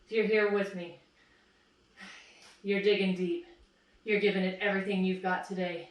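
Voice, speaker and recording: Out of breath, a woman fitness instructor coaches a plank workout, cheering people on and counting down the reps. Her voice sits at a medium pitch with a level tone and normal speed, recorded far from the mic in an echoey room.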